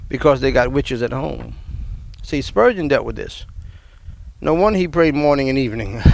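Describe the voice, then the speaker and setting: A man in his fifties preaches a rambling sermon, doubling back on his words as he goes. His voice is gravelly with a fry and sits a little high. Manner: rambling, repeats and restarts words. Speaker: pastor.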